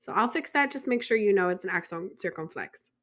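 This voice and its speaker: A woman's voice: mid-range voice, animated, fairly quick, fairly bright tone. An American woman teaching a French vocabulary lesson in a chatty way, joking and asking the viewer questions. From United States.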